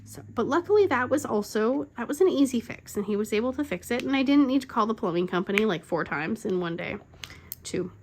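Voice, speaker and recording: A woman's voice: fairly high pitch, expressive, a little fast, a little hiss or hum. Chatty middle-aged woman rambling with fillers. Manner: laughs often while telling stories. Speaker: crafting channel host. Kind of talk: casual chat.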